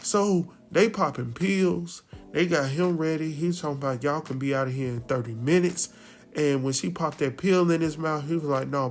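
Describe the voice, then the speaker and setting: A man casually retelling a TV episode, slipping into the characters' lines as he goes. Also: fairly high pitch. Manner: laid-back storytelling, acts out characters' lines. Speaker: recap host.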